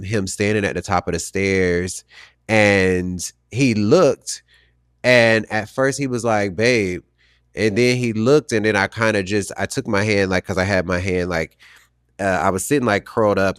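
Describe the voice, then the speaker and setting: A man with a very low voice tells a personal story on his podcast. He sounds reflective and halting, often trailing off and starting again. The sound is dry and close to the mic. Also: smooth, no room sound. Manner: reflective, halting with restarts and fillers. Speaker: podcast host.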